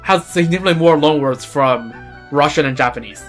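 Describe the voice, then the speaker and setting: A man's voice: fairly high pitch, fairly quick, soft background music. A man streaming a game, chatting casually in a rambling way and repeating words as he thinks. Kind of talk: casual gameplay commentary.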